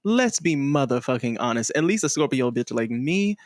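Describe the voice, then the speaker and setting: A man co-hosting a casual podcast, animated and profane, acting out quotes with big vocal swings. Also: moderate pace, no room sound, clean studio sound. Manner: animated, swears freely, acts out quotes with big pitch leaps. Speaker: podcast co-host. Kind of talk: casual chat.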